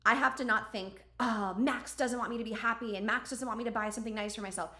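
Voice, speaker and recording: A woman's voice: a little high, fairly even intonation, quick pace, sharp tone. Woman podcast host, casual and chatty, lots of fillers, echoey room. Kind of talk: casual conversational storytelling.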